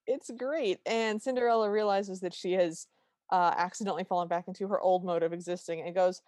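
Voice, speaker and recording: A woman's voice: lowish voice, fairly even intonation, brisk, a little mellow, no room sound, studio quality. A woman co-hosting a podcast, casually retelling a TV special's plot and quoting its lines. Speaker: podcast co-host. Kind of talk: casual chat recapping a TV special.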